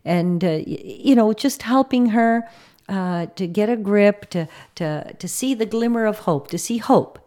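A middle-aged woman giving a faith reflection talk to her brothers and sisters in an earnest, gently encouraging way. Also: mid-range voice, animated, measured pace.

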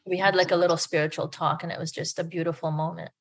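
A woman's voice: lowish voice, level tone, fast talker. A woman guest, a parish group president, earnestly telling a personal faith story with many fillers.

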